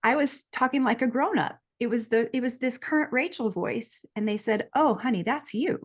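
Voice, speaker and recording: Speaking at a moderate pace in a slightly high voice, a female guest shares a personal story in an earnest, lively conversation, imitating the voices of those she quotes.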